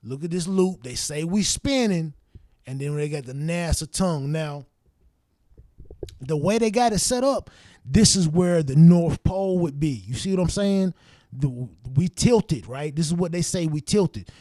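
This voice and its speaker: A man hosting his own show, telling a story in a casual, profane, animated way and acting out his younger self's reactions. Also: on the high side, a little slow, dry recording, clean studio sound. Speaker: show host.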